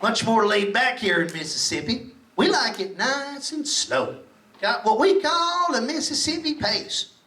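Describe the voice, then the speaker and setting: A man voicing a big young Southern woman who talks in a very slow drawl, recorded in a roomy club from a distance. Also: very high-pitched, animated, pushed and bright, exaggerated voice. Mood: mocking. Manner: very slow drawl, dragging words out.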